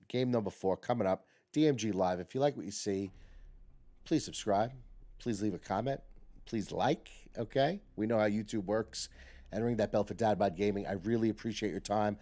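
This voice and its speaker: Chatty low-voiced male game streamer. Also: moderate pace, dark tone. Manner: chatty, repeats himself, says okay a lot. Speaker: gaming streamer and host. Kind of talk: casual live gameplay commentary.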